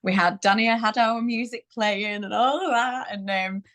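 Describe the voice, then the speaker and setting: This woman's voice is fairly high and fairly bright, at an ordinary speed. In her thirties, she appears as a guest on a parenting interview, casually narrating her birth story with lots of laughter.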